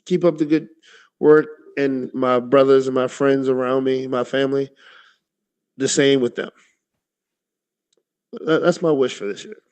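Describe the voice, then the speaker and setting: A man co-hosting a casual wrestling podcast, talking in a relaxed, sometimes halting way. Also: mid-range voice, clear, resonant tone, rough recording. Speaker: podcast co-host.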